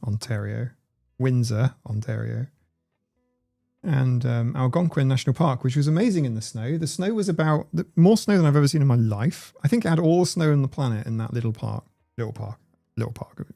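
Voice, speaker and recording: A man's voice: medium pitch, moderate pace, creaky, warm tone, soft background music. A man, hosting a casual livestream and reading out viewers' comments in a chatty, playful way. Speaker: livestream host.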